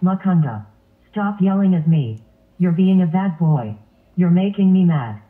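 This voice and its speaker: Cartoon parent: a man doing a stern, scolding lion, high voice, tinny phone-like sound. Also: expressive, measured pace.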